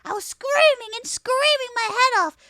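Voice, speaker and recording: An adult woman streamer telling a story to her chat in a crude, profane and animated way, close to a desk mic. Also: very high-pitched, normal speed, no echo.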